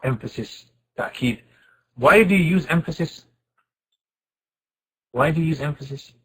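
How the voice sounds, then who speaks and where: A man teaching an informal Quran class, asking his students questions and reciting Arabic verses quickly. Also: a little high, slightly rough, low-quality recording. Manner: lively, asks the class questions and answers them.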